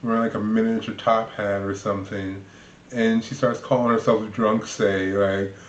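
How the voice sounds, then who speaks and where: A man's voice: lowish voice, little pitch movement, normal speed, slight background noise. A man casually commenting as he reacts to video clips, rambling with lots of fillers and laughing often. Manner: chatty, rambling, laughs a lot, many fillers. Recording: roomy, dull lo-fi sound.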